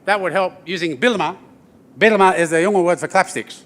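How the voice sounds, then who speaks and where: A man, telling stories and teaching didgeridoo to a live audience in a lively, joking way, checking in with the crowd. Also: sits high, a little fast. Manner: lively, joking, addresses the crowd with "yeah?" tags. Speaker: didgeridoo performer. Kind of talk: storytelling performance to an audience. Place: event venue with an audience.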